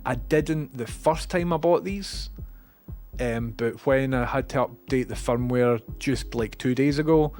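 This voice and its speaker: A man's voice: mid-range voice, measured pace, darkish tone. A man with a Scottish accent chatting casually on a livestream, rambling, sweary and self-deprecating.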